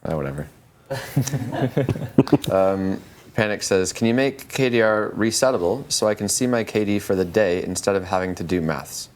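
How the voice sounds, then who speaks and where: A man with a deep voice hosts a live stream. He reads viewer questions aloud and chats in a loose, joking, easygoing way. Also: moderate pace, darkish tone. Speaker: stream host reading questions.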